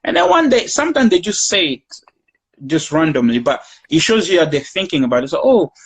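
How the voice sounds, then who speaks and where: A man speaking as a guest in a live discussion, giving calm, earnest advice and now and then acting out conversations between a child and a parent. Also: on the high side, fairly quick, slightly rough, rough recording. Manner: acts out parent-child conversations in quoted speech.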